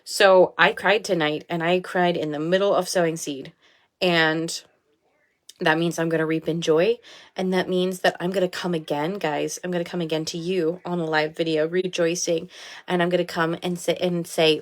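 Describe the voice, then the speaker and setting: Candid young mother talking low. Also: little pitch movement, moderate pace. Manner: candid, heartfelt, laughs easily. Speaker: life coach. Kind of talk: casual live video talk. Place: small home bathroom.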